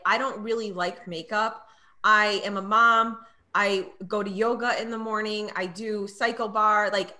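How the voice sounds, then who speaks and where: A woman's voice: medium pitch, bright, forceful tone. A middle-aged woman chatting as an interview guest, telling stories and acting out her own past lines. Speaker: guest, network marketing trainer. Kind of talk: casual interview chat.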